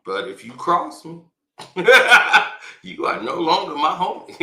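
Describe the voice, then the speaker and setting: A man in casual chat, talking slowly with a teasing manner and frequent laughter. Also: fairly high pitch, pushed and bright. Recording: roomy echo.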